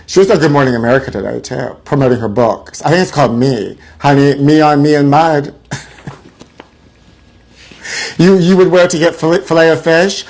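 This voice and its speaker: A man's voice: fairly high pitch, normal speed, darkish tone. A man hosting a live celebrity gossip show, theatrical and mock-frightened, calling his viewers honey. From Los Angeles area.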